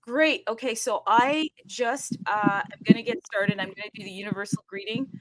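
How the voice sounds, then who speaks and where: A woman's voice: fairly high pitch, normal speed. A woman hosting a live audio chat in a bubbly, rambling, chatty way. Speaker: host.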